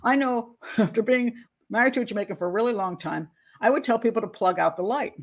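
A woman hosting a casual commentary show as a criminal profiler, rambling and self-deprecating, often pausing to search aloud for her notes. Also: fairly high pitch.

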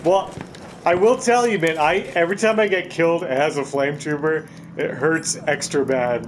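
A man's voice: fairly high pitch, a little slow, background noise. A man giving casual, profane gameplay commentary, laughing often and trash-talking his opponents.

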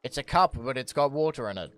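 A man's voice: medium pitch, lively intonation, fast talker, smooth, no room sound. A young man live-streaming a game, reading chat aloud and answering in a jokey, self-mocking way with plenty of swearing. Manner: jokey, self-mocking, swears a lot, bursts into loud laughs.

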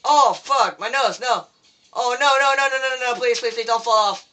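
A man's voice: very high voice, moderate pace, pushed and bright. A teenage boy commenting on his own gameplay, swearing and pleading with the game in frustration. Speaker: gameplay video maker.

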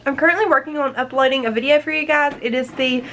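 A woman's voice: high-pitched, fairly even intonation, fast, fairly bright tone, a little hiss or hum. A young woman in her twenties chatting casually in a home vlog, upbeat and rambling. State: out of breath. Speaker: vlogger.

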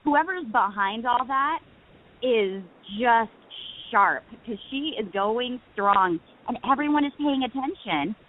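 Her voice is a little high and expressive, and she speaks slowly. She's a thirty-something actress phoning in as a guest to a casual interview, a lively storyteller who laughs a lot.

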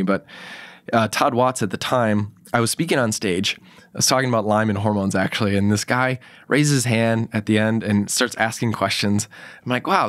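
Man, podcast guest expert, casual storyteller, acts out quotes, lowish voice, dry sound. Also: a bit bright, dry recording. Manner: casual, acts out quoted dialogue in his anecdotes; fillers and restarts, emphatic.

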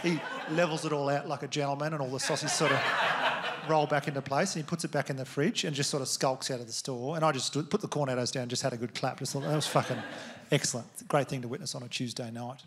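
This Australian man has a mid-range voice with fairly even intonation and a quick pace. Doing stand-up at a comedy venue, he tells crude, conversational stories, and the live crowd can be heard laughing.

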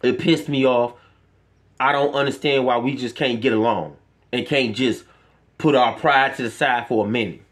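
A man's voice: medium pitch, moderate pace. A man, giving an impassioned, profane monologue to his viewers as a vlogger. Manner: impassioned, profane, preachy ranting. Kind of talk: emotional monologue to camera.

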